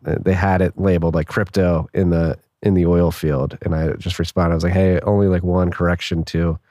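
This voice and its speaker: A man's voice: low voice, flat delivery, moderate pace, warm tone, dry recording, studio quality. A man co-hosting a podcast, chatting casually and reading out news with jokes, laughs and fillers. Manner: joking, laughs often, trails off with fillers. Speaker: podcast co-host.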